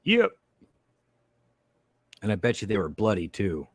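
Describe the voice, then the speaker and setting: A man co-hosting a podcast, talking excitedly and profanely about a horror film with a friend. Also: on the low side, measured pace, no echo. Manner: excitable, swears, bursts into shouts. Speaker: podcast co-host. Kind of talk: casual movie review chat.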